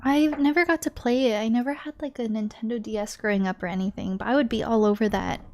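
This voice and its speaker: A woman's voice: on the high side, quick pace. A young woman streaming a video game, chatting casually and talking straight to her viewers, laughing easily. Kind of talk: casual live-stream chat.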